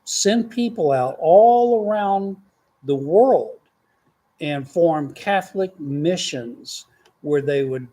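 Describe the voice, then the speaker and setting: A man's voice: on the high side, expressive, slow pace, warm tone. An older man, rambling folksy stories to his grandchildren as host of a casual chat. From Texas.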